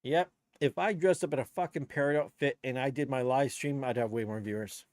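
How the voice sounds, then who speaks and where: A man's voice: medium pitch, a little fast, darkish tone, dry recording. Blunt, swearing man in his fifties. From Canada. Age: 50s. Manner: profane, rambling and blunt. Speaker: DJ live streamer. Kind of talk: casual live-stream chat.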